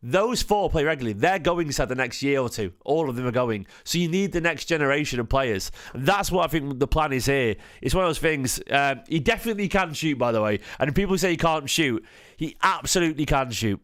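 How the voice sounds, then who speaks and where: A man's voice: a little high, expressive, a little fast, a bit bright. A tired man, hosting a casual football fan stream, rambling with frequent restarts and questions to his chat. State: tired, half asleep. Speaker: football fan channel host.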